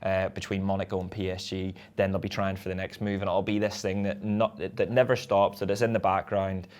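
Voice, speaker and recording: Low-voiced man chatting football. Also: level tone, a little fast, darkish tone. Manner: chatty, laughs easily, loose run-on sentences. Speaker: podcast co-host. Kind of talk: casual football chat.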